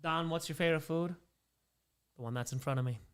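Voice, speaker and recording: A man's voice: fairly high pitch, a little fast, clean tone. A man hosting a charity livestream, reading out donations and bantering with chat, sometimes in character as a made-up persona.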